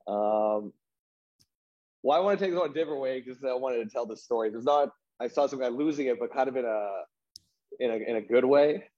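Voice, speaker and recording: A man's voice: medium pitch, fairly quick, warm tone, dull audio. A man telling a story in casual chat, rambling with lots of "like" and restarts, laughing at himself.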